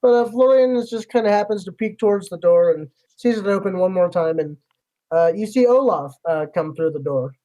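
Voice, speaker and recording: A man's voice: high voice, fairly quick, mellow, poor audio. A man narrating a tabletop game as game master in a loose, rambling way, full of fillers.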